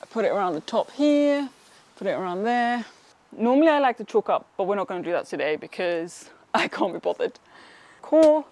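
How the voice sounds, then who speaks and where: A woman's voice: mid-range voice, expressive, fairly quick, darkish tone, a little hiss or hum. A young woman talking through her home workout in a casual vlog, chatty, upbeat and encouraging, with a self-teasing streak. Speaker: fitness vlogger. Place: home workout, partly outdoors.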